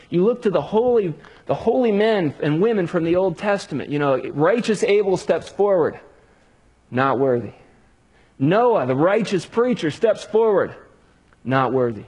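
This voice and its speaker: A husky, slightly high-voiced man preaching a sermon. He builds drama by dropping into hushed pauses, then rising again for emphasis. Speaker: pastor.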